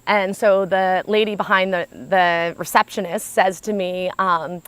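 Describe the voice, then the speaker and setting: An American woman from the United States, a speaker telling a personal story in an animated, chatty way, often saying "like". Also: on the low side, measured pace, smooth, no echo.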